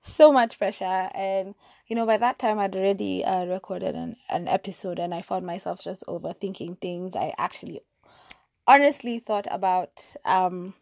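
A woman's voice: on the low side, normal speed, vocal fry, a little mellow, no room sound. Chatty young woman podcasting from her bed. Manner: chatty, self-deprecating, many fillers and restarts. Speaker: podcast host. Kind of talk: casual solo podcast chat. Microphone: lapel mic clipped to her hair.

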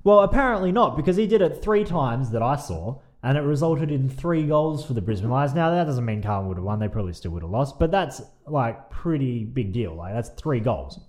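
A man's voice: mid-range voice, big pitch swings, a little fast, few pauses, a little mellow. Australian man, podcast co-host, ranting, swearing, casual chat.

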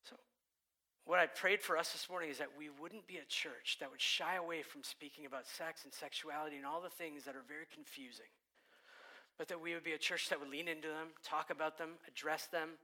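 Bright high-voiced preaching man. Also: brisk. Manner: animated, swings from loud to hushed, acts out quoted voices. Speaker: pastor. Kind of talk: sermon.

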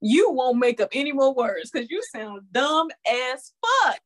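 A woman's voice: high-pitched, sing-song, measured pace, background noise. A woman co-hosting a casual chat, teasing and blunt, laughing often.

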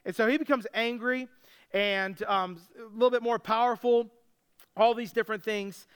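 A man preaching a sermon with a very high voice that is smooth and clear. He retells the story casually and breaks in with jokes, like a pastor talking to his church. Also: steady tone, moderate pace, a bit bright. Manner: casual storytelling with joking asides.

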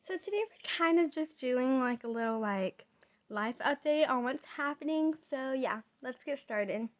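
Chatty high-voiced teen girl vlogger. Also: expressive, unhurried. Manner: chatty, rambling with many fillers. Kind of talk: casual chat. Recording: dull lo-fi audio.

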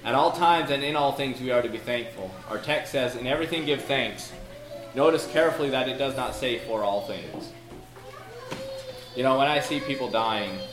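A man preaching a sermon in a folksy, storytelling way, reciting prayers and verses. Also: medium pitch. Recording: echoey room with noise.

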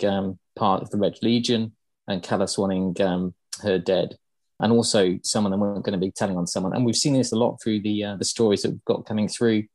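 A man's voice: on the low side, darkish tone, dry recording. A man hosting a podcast, casually explaining game lore with many ums and uhs. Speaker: podcast host.

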